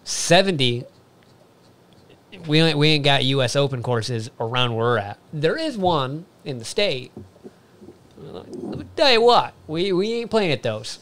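A man's voice: medium pitch, lively intonation, a little slow, fairly bright tone. Blunt, teasing man on a whiskey stream. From Michigan. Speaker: whiskey show co-host. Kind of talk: casual live-stream chat.

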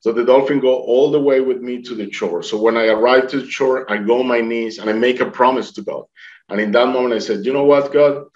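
A man's voice: medium pitch, fast. A man telling his own near-death story, acting out the dialogue he recalls, in non-native English phrasing. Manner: animated retelling, acting out quoted dialogue in a raised voice. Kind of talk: personal storytelling. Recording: slightly dull, lo-fi sound.

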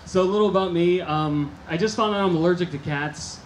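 A middle-aged American man performing a stand-up comedy set on a theater stage, telling deadpan absurd one-liners into a handheld mic. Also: sits high, brisk. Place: movie theater stage before a live audience. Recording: echoey theater room with faint noise.

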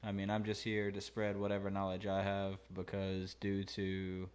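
A mixing engineer and channel host talks through a tutorial at normal speed in a low, monotone, darkish voice that is clear and resonant. He stays casual and thinks aloud with many ums and uhs.

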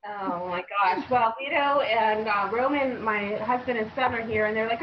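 A woman joining a live craft session as a participant, chatting excitedly. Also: a little high, moderate pace, hardly any pauses, dull audio, a little hiss or hum. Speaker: participant following along. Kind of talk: casual chat on a live call.

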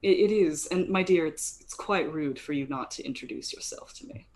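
A woman's voice: deep voice, animated, normal speed, a little mellow. Rahadin, a woman voicing a haughty elf chamberlain. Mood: cold. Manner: haughty, disdainful, clipped. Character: cold aloof male elf chamberlain.

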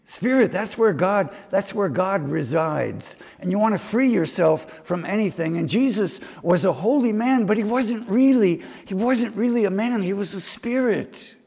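A man's voice: sits high, gravelly, a little mellow, husky, in a large hall. A man preaching a homily, telling stories and slipping into mimicked voices now and then. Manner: storytelling preaching with mimicked asides. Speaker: priest. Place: chapel.

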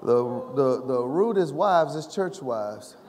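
A male pastor preaching a sermon, joking with the congregation and rising to shouts. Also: medium pitch, expressive, takes it slowly, a little hiss or hum. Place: church sanctuary. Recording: long reverb of a church hall.

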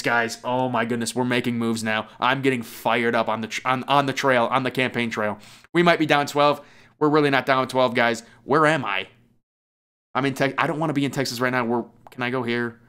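A young man giving casual, rambling gameplay commentary as a YouTuber, excitable and self-mocking. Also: mid-range voice. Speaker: gaming YouTuber.

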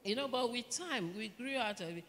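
A middle-aged Nigerian woman shares her experience in a calm, reflective tone, often breaking into light laughter. Her voice rings with the long reverb of a church hall, with a faint hum of ambience underneath. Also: fairly high pitch, fairly quick. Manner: gentle, reflective storytelling with laughter. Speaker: pastor's wife, panelist. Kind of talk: testimony on a church panel.

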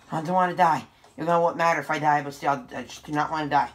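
A woman hosting a gameplay video, giving excitable, sarcastic running commentary to her viewers. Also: low voice, fast talker.

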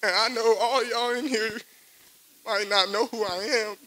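A young man crying as he gives a halting, emotional eulogy for a friend at a memorial service. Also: high voice, fairly even intonation, noisy background. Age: young adult. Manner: emotional, halting, repeats phrases.

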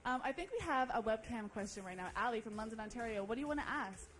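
Bubbly, fast-talking woman TV host. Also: a little high, lively intonation, fairly bright tone. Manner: bubbly, quick. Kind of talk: upbeat TV hosting. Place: TV studio. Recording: music playing in the background.

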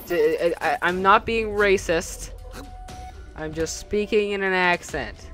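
A man's voice: high voice, slow, music in the background. A young man hosting a casual let's-play, rambling, correcting himself, humming and joking to himself as he plays. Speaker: gaming channel host.

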